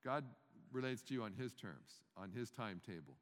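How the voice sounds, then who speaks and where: A man's voice: fairly low pitch, lively intonation, moderate pace. A man preaching a sermon in a conversational way, asking his congregation rhetorical questions and often restarting his sentences. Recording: long reverb of a hall.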